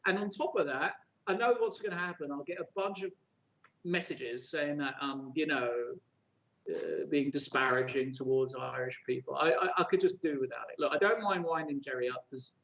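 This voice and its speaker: A man's voice: on the high side, moderate pace, gravelly, a bit bright. A man co-commentating chess on a live stream, friendly and teasing in an easygoing way. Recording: dull lo-fi stream audio.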